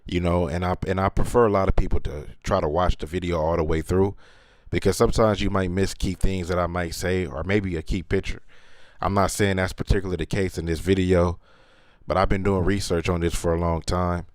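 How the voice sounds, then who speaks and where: A man's voice: low voice, fairly even intonation, fairly quick, no room sound, studio quality. A man hosting his channel in a casual, earnest monologue, talking slangy with many fillers. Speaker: channel host.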